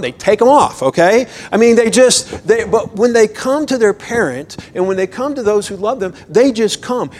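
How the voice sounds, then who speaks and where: A man, a pastor, preaching a sermon in a conversational, animated way, with emphatic bursts. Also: high-pitched, slight background noise, rough recording.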